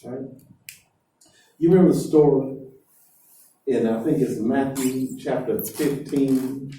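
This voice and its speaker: An emphatic preacher who keeps questioning his congregation, his voice dark and heavy. He speaks at an unhurried pace. The sound reaches the mic from a distance through a strongly echoing church hall. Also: mid-range voice, steady tone. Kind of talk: sermon. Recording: echoey hall heard from afar.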